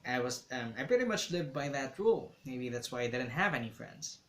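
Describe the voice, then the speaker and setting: A man's voice: medium pitch, big pitch swings, fairly quick, fairly bright tone. A man reading a novel aloud, telling the story in a reflective first-person way. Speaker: reader. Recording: roomy echo.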